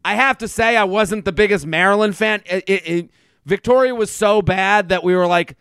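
A man's voice: high-pitched, moderate pace, smooth, no echo. A man co-hosting a podcast in casual chat, telling stories and acting out what people say. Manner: animated, acts out quotes with crude asides. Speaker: podcast co-host.

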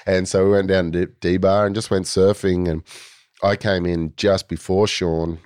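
A man's voice: low-pitched, level tone, a little slow, a little mellow, clean tone, dry recording, clean studio sound. An Australian man in his forties, a guest telling stories in a laid-back, rambling way with plenty of fillers. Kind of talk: casual storytelling.

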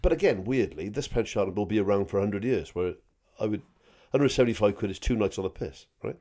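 A Welsh man co-hosting a comedy podcast, telling a story in a casual, animated way, swearing freely and acting out the dialogue. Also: lowish voice, fast talker. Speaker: podcast co-host.

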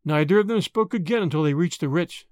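An audiobook narrator reading a novel aloud with expressive narration. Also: medium pitch, fast talker, no echo, clean studio sound. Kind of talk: scripted narration.

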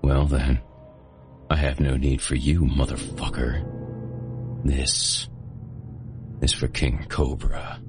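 A man voicing a brutal, vengeful male addict who speaks in a flat, cold way in a horror audiobook. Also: a bass voice, slow pace, long pauses, over music.

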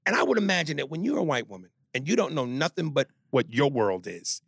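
A man's voice: a little high, sing-song, fast talker, creaky, a bit bright, breathy edge, no echo, studio quality. A man co-hosting a podcast, trading crude jokes in casual chat. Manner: crude, joking banter. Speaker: podcast co-host.

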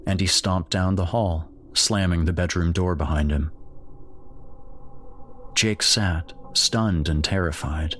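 Deep-voiced man narrating a horror story. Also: fairly even intonation, slow pace, a bit bright, a little hiss or hum.

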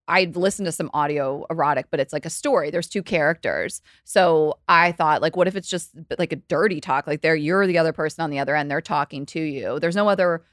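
A woman's voice: low voice, no echo, studio quality. A woman in her thirties talking casually and animatedly as a podcast guest, explaining with lots of "like"s. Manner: animated, explains fast with many "like"s. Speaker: guest, company co-founder.

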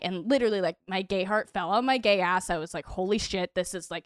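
A woman guest on a podcast, telling a story in animated casual chat, filling it with "like". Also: mid-range voice, quick pace, smooth, no echo, studio quality.

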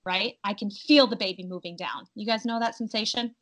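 A young adult woman telling her birth story in a casual, animated way, acting out her own cries in quotes. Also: medium pitch, brisk, poor audio.

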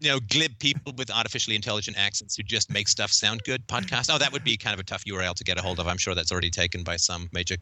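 A man from Canada, a guest on a podcast, chatting and joking in a wry, quick manner. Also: fairly low pitch, pushed and bright. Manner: wry, joking, fast-talking. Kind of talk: casual interview chat.

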